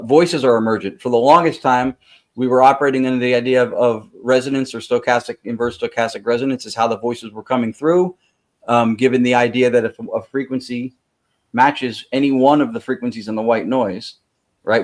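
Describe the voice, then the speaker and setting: Guy on a podcast going through a technical explanation, lots of ums and restarts, mid pitched voice. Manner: explains technical ideas at length, with frequent restarts and fillers. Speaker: podcast guest. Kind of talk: casual chat.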